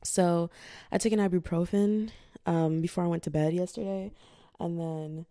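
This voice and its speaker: This young woman's voice is lowish, steady, and mellow at a moderate pace, recorded in studio quality with no room sound. She's in her twenties, hosting a casual podcast from bed while worn out, swearing freely and imitating people she quotes.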